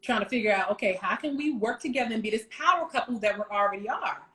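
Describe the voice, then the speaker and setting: Animated woman coach, lively chat. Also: on the high side, fast talker. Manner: animated, laughs often, acts out quotes. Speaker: wife coach, guest. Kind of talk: casual chat on a virtual show.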